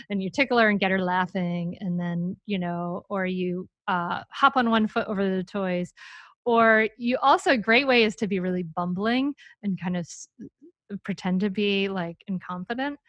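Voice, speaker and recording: A woman coaching a parent on a live call, animated and demonstrative, slipping into little acted examples. Her voice sits at an ordinary middle pitch. It is recorded close and dry, with no room sound. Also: normal speed, dry recording, dull audio. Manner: playful, demonstrative, acts out examples.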